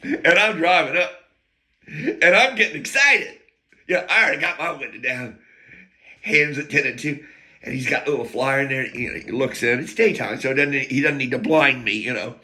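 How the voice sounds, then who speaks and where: Speaking at a moderate pace in a medium-pitched, pushed and bright voice, this podcast host rambles through stories casually. Laughter breaks up his lines, and he wanders into asides and mutters to himself.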